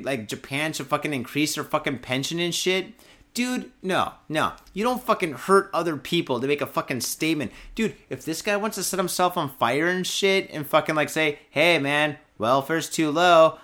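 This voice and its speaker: A tipsy young podcast host with a fairly bright voice on the high side rants comically about the news. He is foul-mouthed, swearing constantly and repeating himself.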